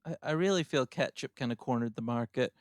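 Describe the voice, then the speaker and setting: A man's voice: medium pitch, a little fast, dry recording, studio quality. Playful Irish man hosting a podcast. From Ireland. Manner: playful, laughs often. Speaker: podcast host. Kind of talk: casual comedy chat.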